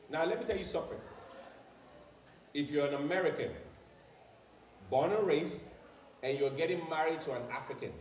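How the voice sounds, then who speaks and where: A man with a Nigerian accent performing stand-up comedy in a preacher-like, animated way, repeating lines for effect. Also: fairly high pitch, roomy sound, far from the mic, a little hiss or hum. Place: live venue with audience.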